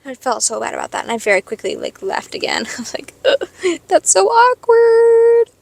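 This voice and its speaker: A young woman talks into her phone from her parked car, rambling through a story with a fairly high, lively voice. She fills her talk with "like" and breaks into excited squeals. The sound is close and dry, with no room around it. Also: fast talker, vocal fry, dry recording. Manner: chatty, animated, lots of "like", jumps to squealing excitement. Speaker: vlogger. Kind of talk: casual storytelling chat. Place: parked car in a parking lot.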